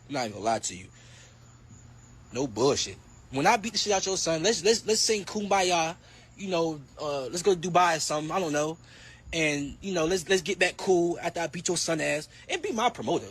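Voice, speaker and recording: A young man in his twenties ranting profanely in a clip, swinging between loud mocking and low mutters. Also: big pitch swings, brisk, slight background noise. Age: 20s. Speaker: boxer.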